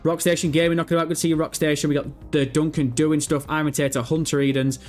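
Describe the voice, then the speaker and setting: A man's voice: a little high, little pitch movement, fast talker, soft background music. Chatty, swearing man streaming. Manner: chatty, swears freely, self-mocking. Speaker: livestream host. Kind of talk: casual livestream chat reading viewer messages.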